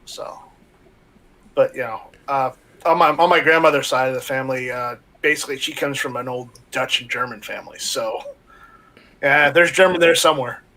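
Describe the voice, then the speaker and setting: A man's voice: medium pitch, moderate pace, sharp tone. A man co-hosting a casual livestream with dry, teasing banter. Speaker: co-host.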